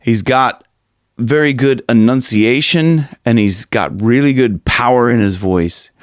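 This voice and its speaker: A male vocal coach explains technique in an unhurried, rambling way, circling back on his own phrases. The sound is dry and close, with no room around it. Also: mid-range voice, no room sound. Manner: rambling, restarts, demonstrates screamed lines and breathy talk. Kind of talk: casual vocal lesson with demonstrations.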